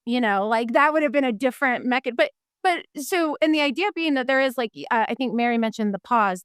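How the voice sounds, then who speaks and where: A woman's voice: on the high side, a little fast, clear, resonant tone, no echo, studio quality. A woman co-hosting a podcast, talking conversationally with a few hesitations. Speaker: podcast co-host. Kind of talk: casual podcast chat.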